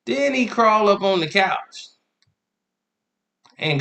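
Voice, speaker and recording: A young man telling a comic dating story in a slangy, animated way, laughing often. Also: high-pitched, slow pace, creaky, long pauses. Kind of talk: comedic storytelling. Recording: echoey room.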